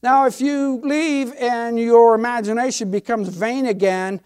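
A man's voice: extremely high pitch, steady tone, measured pace, darkish tone, clear, resonant tone. An older man, a pastor, preaching a sermon with emphatic, folksy delivery and homespun stories.

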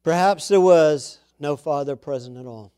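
A man's voice: a little high, moderate pace, warm tone, smooth. A man preaching a sermon to his congregation in a conversational way, with chatty asides and emphatic repeats of key words. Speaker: pastor.

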